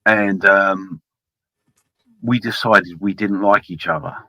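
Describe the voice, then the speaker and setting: A man talks into his laptop's built-in mic, cheeky and teasing. His low voice has a bright, forceful edge, and the sound is dry and close. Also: steady tone, slow, no room sound, lo-fi sound. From London. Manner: cheeky, teasing, calls everyone mate. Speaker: caller on a stream. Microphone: laptop held in front of face.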